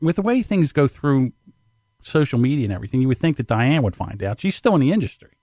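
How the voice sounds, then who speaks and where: A man's voice: mid-range voice, very animated, quick pace, dark tone, no room sound, studio quality. A man co-hosting a podcast, rambling through work stories, laughing and mimicking people he worked with. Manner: rambling, laughing, does voices of old bosses. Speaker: podcast co-host. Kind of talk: casual storytelling chat.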